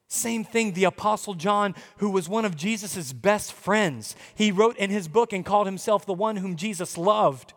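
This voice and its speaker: A pastor preaching a sermon in a conversational way, shifting between hushed and loud passages. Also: male voice, high-pitched, animated, measured pace. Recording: long hall reverb.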